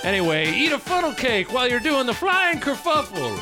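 A man's voice: extremely high pitch, big pitch swings, a little fast, voice pushed up. A man voicing a brash old-timey carnival barker in an old radio style, with music behind. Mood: hawking. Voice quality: loud sing-song hawking, old radio style.

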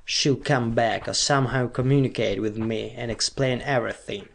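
A man's voice: mid-range voice, fairly even intonation, normal speed, creaky, lightly acted. A man reading as a grave, restrained hero. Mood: hopeful. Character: stern, lovesick young-seeming male genius.

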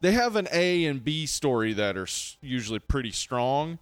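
A laid-back man co-hosting a podcast, chatting casually, with loose swearing and frequent restarts. He talks at an average pitch. The room around him is dry and close. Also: sing-song, moderate pace, no echo, faint music behind. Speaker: podcast co-host. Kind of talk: casual chat.

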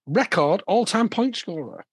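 Playful, husky high-voiced quiz host. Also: male voice, sing-song, measured pace, no room sound. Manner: playful quizmaster, repeats answers. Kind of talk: casual podcast chat.

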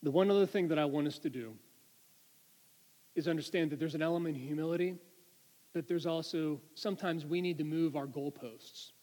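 Earnest preacher man, high-ish voice. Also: brisk, a little mellow, long reverb tail. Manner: earnest, conversational, frequent restarts. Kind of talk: sermon.

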